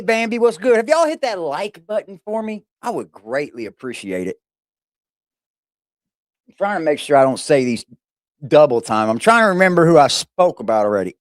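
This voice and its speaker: Lively, playful male streamer. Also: high voice, no echo, clean studio sound. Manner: greets chat viewers by name, loose and playful. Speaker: live-stream host. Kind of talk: casual live-stream chat.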